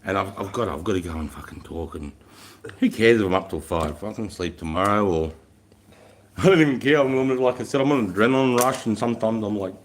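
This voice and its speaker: A man's voice: fairly low pitch, brisk, a little hiss or hum. An Australian man in his thirties, chatting casually on a livestream, telling rambling stories and swearing freely. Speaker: livestream guest. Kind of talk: casual chat.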